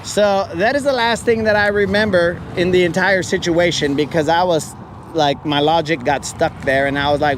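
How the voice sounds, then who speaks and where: A man tells a comic story in a relaxed, teasing way and puts on the voices of the people he describes. His voice sits a little high. Steady outdoor noise and traffic run behind him. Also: moderate pace. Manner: joking, self-mocking, acts out quoted voices. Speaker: podcast host. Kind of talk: casual storytelling. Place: outdoors, fishing from a kayak.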